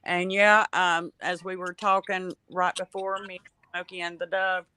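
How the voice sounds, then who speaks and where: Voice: mid-range voice, flat delivery, measured pace, pushed and bright, clear, resonant tone. A co-guest speaking firmly and bluntly, giving strong opinions. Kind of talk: talk-show commentary.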